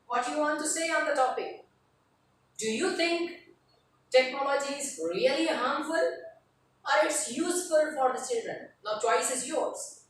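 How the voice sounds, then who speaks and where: Woman writing teacher, high voice, lecture delivery, step-by-step and repetitive, echoey far-off room recording. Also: a little hiss or hum. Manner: explains step by step, repeating key terms. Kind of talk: classroom lecture.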